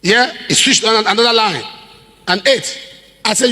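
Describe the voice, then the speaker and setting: A man's voice: high-pitched, moderate pace, long pauses, pushed and bright. A middle-aged Nigerian man preaching a sermon as a pastor, throwing rhetorical questions at his congregation and acting out the people he quotes. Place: large church hall. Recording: long reverb of a large hall.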